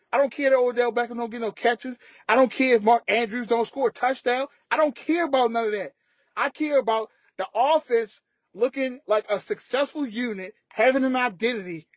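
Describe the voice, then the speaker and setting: A man's voice: very high-pitched, no echo. A man co-hosting a sports podcast, ranting emphatically in casual talk. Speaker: podcast co-host.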